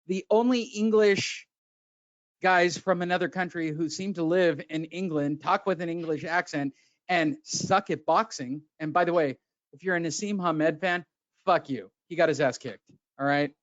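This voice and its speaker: A man's voice: on the high side, moderate pace, no echo. A man hosting a boxing podcast, ranting sarcastically with lots of swearing. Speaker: podcast host. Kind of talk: profane casual boxing chat. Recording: dull lo-fi sound.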